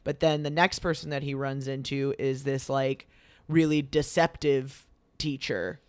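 A young man casually retelling a myth, full of fillers and quick acted-out quotes. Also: medium pitch, flat delivery, clean tone, no echo. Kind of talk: casual storytelling chat.

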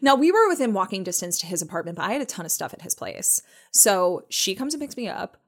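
A young woman tells a story on her podcast with lots of energy, jumping into the voices of the people in it. Her voice is mid-pitched and casual. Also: fast talker. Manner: animated, acts out quoted voices. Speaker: podcast co-host.

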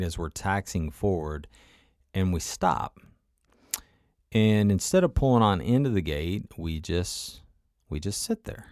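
A man's voice: low-pitched, darkish tone, dry recording, clean studio sound. A man telling a personal travel story in a conversational, motivational way, often turning to the listener with asides.

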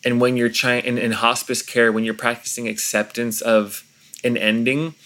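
A man, a pastor, talking in an earnest, reflective way during an interview, often pausing and restarting his sentences. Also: mid-range voice, flat delivery, bright, forceful tone.

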